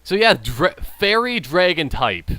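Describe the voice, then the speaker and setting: A man's voice: high voice, sing-song, unhurried, pushed and bright, dry recording. A tipsy man hosting a gaming channel, giving rambling, jokey commentary over his play. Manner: rambling, jokey, self-amused. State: tipsy from drinking. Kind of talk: casual gameplay commentary.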